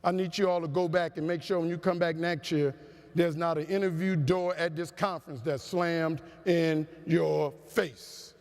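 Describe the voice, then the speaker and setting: A man giving a humorous motivational keynote to a conference crowd, with an animated, preacher-like cadence. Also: fairly high pitch, normal speed. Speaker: motivational speaker. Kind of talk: storytelling keynote speech. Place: large conference hall. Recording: long hall reverb.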